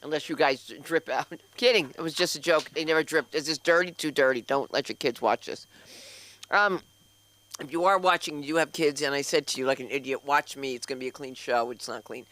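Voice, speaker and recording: A woman's voice: low voice, brisk, a bit bright, poor audio. A woman hosting a comedy open mic, rambling through loose, crude banter on stage. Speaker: comedy school host. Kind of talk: stand-up host banter.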